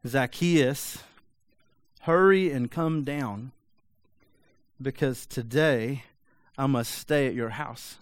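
A man's voice: mid-range voice, slow pace, long pauses, no room sound, lightly acted. A man voicing a welcoming male teacher who calls someone down from a tree, in a sermon retelling. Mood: inviting.

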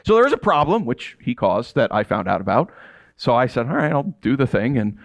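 A man's voice: medium pitch, brisk, gravelly. A middle-aged man preaching a sermon, telling a personal story and acting out the dialogue. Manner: storytelling, animated, acts out dialogue. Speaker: pastor.

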